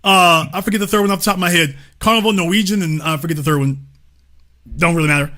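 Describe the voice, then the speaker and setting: A man's voice: sits high, quick pace, sharp tone. A man hosting a livestream, giving emphatic, profane opinion commentary and talking straight to his chat. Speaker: livestream host.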